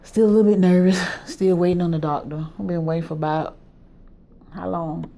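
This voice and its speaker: Lady talking to her phone in a waiting room, low and a bit gravelly, jittery and laughy. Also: fairly even intonation, a little fast, mellow. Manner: nervous, laughing between phrases. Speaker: vlogger. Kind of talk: casual vlog chat.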